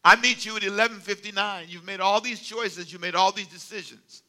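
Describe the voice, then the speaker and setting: An older man preaching a sermon, animated and humorous, telling stories with sudden drops to quiet asides. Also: sits high, a little fast. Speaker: pastor.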